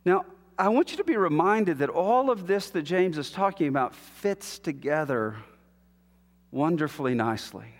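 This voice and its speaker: A man preaching a sermon as a pastor, measured and emphatic, with long pauses between phrases. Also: fairly high pitch, lively intonation, in a large hall.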